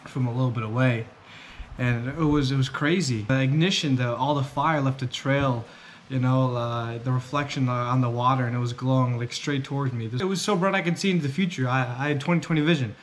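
A man's voice: mid-range voice, steady tone, brisk, slight background noise. A young man vlogging casually, chatty and joking as he rambles. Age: young adult. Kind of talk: casual vlog narration. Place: outdoors on a pier by the water.

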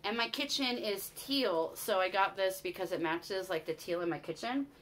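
A woman's voice: medium pitch, moderate pace, fairly bright tone, a little hiss or hum. A woman, chatting casually to camera about things she bought, gushing and sentimental. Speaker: vlogger. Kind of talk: casual haul chat to camera.

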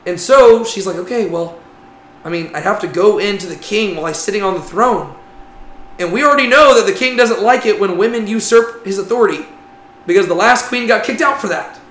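In an echoey room with faint noise, a man with a high, fairly quick and slightly bright voice leads a casual Bible class. He keeps the lecture conversational, often tagging lines with "right?" to check in.

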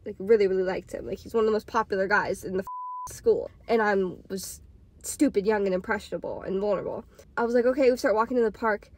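A woman's voice: medium pitch, quick pace, noisy background. A woman in her twenties telling a casual storytime tale, rambling and packed with "like" fillers. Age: 20s. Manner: rambling, filler-heavy with frequent "like". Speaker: podcaster and storytime vlogger.

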